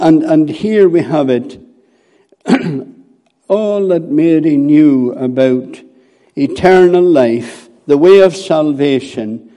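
Male preacher, unhurried sermon delivery, deep warm tone, hesitant fillers. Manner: slow and deliberate, with hesitant fillers.

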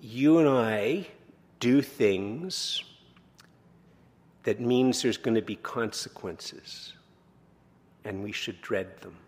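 A man in his sixties, a pastor preaching a sermon, conversational and self-deprecating, slowing down to read scripture. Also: medium pitch, a little mellow. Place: church sanctuary. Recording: long reverb of a church hall.

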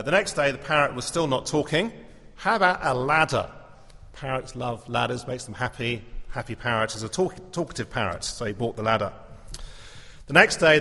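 A male pastor delivers his sermon in a measured, earnest way, slipping in gentle humour. His voice sits in a middle register. The sound rings in a large hall with a long reverb tail. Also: mid-range voice.

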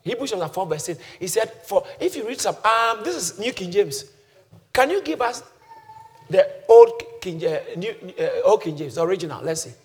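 Animated preacher man, lively pitch. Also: moderate pace. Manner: animated preaching, swings from soft to shouting; congregation shouts back responses. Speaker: pastor. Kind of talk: sermon.

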